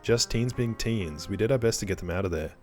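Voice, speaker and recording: A man's voice: lowish voice, fairly quick, faint music behind. A man casually commenting while playing a visual novel, joking and self-mocking.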